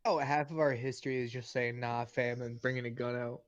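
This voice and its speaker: A man hosting a comedy podcast, swearing freely in crude, lively banter. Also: mid-range voice, a little fast, dry recording, lo-fi sound. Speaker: podcast host. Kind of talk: casual comedic chat.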